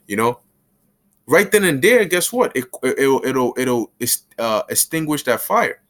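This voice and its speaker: Male Bible teacher, mid-pitched, loose street-slang delivery with acted asides. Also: animated, fairly bright tone. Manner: casual street slang, acts out little scenes with quick voices.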